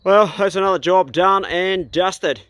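A middle-aged man with a New Zealand accent spins silly yarns between outdoor jobs, his voice sitting a little high. He talks in a relaxed, folksy way and slips into playful voices for the people in his jokes. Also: a little slow, no echo. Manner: folksy storyteller, drops into put-on voices for joke characters. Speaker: vlogger. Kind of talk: casual joke-telling vlog. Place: outdoors at a house truck.

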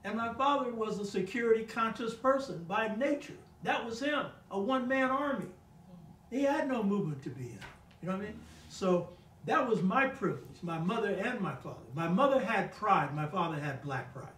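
A man's voice: high-pitched, expressive, normal speed, fairly bright tone, roomy sound, distant mic, slight background noise, low-quality recording. An older man on a talk show telling family stories in a casual, emphatic way, often asking "you know what I mean?". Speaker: guest speaker on a talk show. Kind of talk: casual storytelling conversation.

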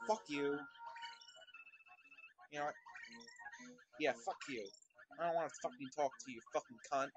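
A man commentating over his own gameplay, ranting in constant profane exasperation at a slow game. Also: on the high side, fairly even intonation, rough recording. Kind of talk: let's play commentary. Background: video game music.

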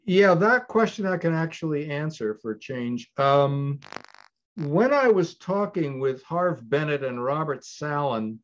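A man's voice: fairly high pitch, lively intonation, measured pace, muffled recording. An older man, a writer-director, answering interview questions in a thoughtful, digressive way with frequent restarts.

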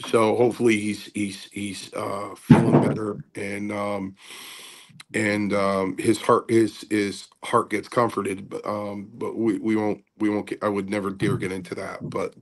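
Older male host, low and gravelly, rambling casual talk full of fillers and restarts. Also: flat delivery, slight background noise. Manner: halting, many fillers and repeats. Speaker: podcast host and former wrestler.

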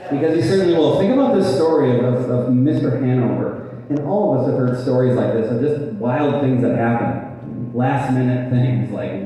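Guy preaching in a church, soft dark voice, sounds far off with lots of hall echo. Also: medium pitch, moderate pace. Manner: conversational, asks the congregation questions; repeats words as he restarts. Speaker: pastor. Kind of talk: sermon with story reading.

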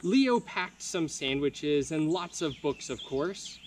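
A young man reads a children's picture book aloud at an unhurried pace. His voice sits high and swings up and down a lot, warm storytime delivery with a lively lilt. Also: a little hiss or hum. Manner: expressive, slow storybook reading. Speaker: camp counselor.

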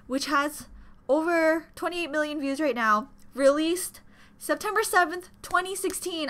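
A woman hosting a casual reaction video, gushing excitedly with gasps and squeals. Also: high voice. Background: faint music from the video being watched.

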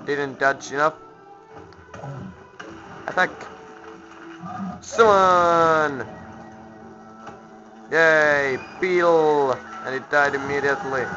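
A man giving goofy, casual commentary while playing a video game, humming and shouting at enemies. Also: fairly high pitch, very slow, pauses often, over music. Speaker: let's play host. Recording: slightly muffled lo-fi recording.

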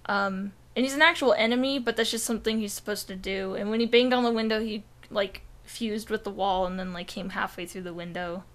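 A woman's voice: medium pitch, fairly quick, hardly any pauses, a bit bright. A young woman co-hosting a podcast, telling a rambling story in casual chat, full of "like" and swearing. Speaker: podcast co-host.

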